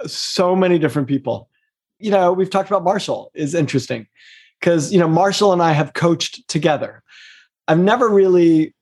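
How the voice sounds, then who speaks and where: Middle-aged guy, higher voice, coach chatting in an interview, emphatic, quick then slow. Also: darkish tone. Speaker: executive coach and guest. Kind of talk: casual interview conversation.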